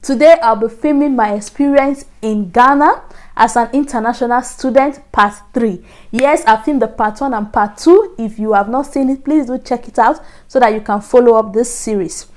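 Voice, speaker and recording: A woman's voice: on the high side, normal speed, darkish tone. A young woman telling a personal story to camera in a chatty, repetitive way. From Nigeria. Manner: chatty, repetitive, laughing asides. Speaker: vlogger.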